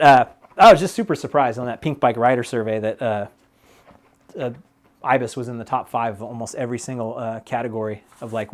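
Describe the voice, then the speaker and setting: A man chatting casually on a live stream while he works on a mountain bike, rambling with lots of fillers and laughs. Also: medium pitch.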